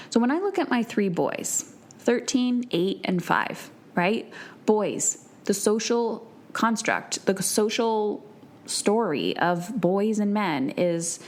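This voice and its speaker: A woman in her thirties hosts a solo podcast in a voice of ordinary pitch. She talks earnestly and conversationally, with plenty of fillers, and acts out quotes from other people as she goes. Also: expressive, measured pace, a little mellow. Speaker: podcast host and parenting coach.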